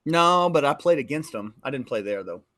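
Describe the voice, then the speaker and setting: A young man co-hosting a podcast, telling lively stories and mimicking his old coaches. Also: medium pitch, brisk. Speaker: podcast co-host. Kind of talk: casual chat.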